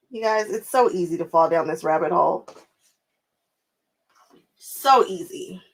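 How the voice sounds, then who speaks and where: A woman's voice: fairly low pitch, lively intonation, slow pace, pauses often, breathy edge, low-quality recording. Chatty woman talking while she quilts. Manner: chatty, laughs often, answers viewers by name. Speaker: quilting channel host. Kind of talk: casual chat while crafting.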